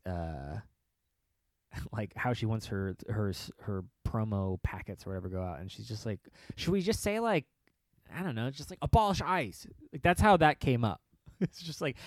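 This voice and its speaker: Male podcast host with a low-leaning voice, casual and sarcastic, rambling delivery, dry close-mic sound. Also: no echo. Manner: rambling, sarcastic, laughs often; mocking put-on quoted voices. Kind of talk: casual chat.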